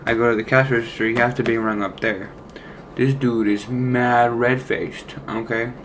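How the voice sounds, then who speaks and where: A man's voice: medium pitch, steady tone, normal speed, background noise. A young man casually telling a personal work story, rambling and profane with lots of slang fillers. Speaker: former deli worker telling a story.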